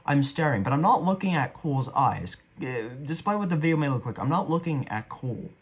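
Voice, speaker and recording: A man's voice: a little high, big pitch swings, brisk, slightly rough. A young man giving casual, rambling commentary on his own stage performance, a bit self-deprecating. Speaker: actor reviewing his performance.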